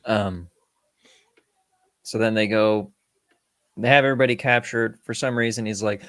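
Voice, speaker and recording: A man's voice: on the low side, fairly even intonation, moderate pace, long pauses, a bit bright, no room sound. A man in his thirties co-hosting a casual film review podcast, joking, swearing and quoting lines in silly voices. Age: 30s. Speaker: podcast co-host.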